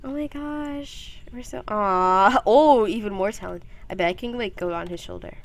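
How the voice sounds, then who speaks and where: A teenage girl giving casual, rambling commentary while playing a game, giggly and playful, often jumping into silly high voices. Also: normal speed, no room sound. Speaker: gameplay commentator.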